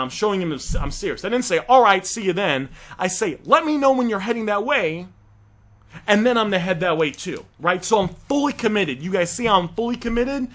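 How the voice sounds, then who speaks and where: A man's voice: high-pitched, a bit bright. A man casually walking viewers through how he negotiates deals, acting out the text messages as he reads them. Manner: talks straight to viewers, acts out text exchanges. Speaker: online reselling coach. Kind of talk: casual instructional walkthrough.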